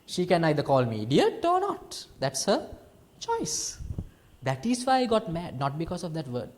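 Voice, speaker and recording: Soft-spoken Sri monk, high voice. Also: male voice, normal speed. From Sri Lanka. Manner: lively teaching, swings between soft and emphatic. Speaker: Buddhist monk teacher. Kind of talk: dharma talk to a small group.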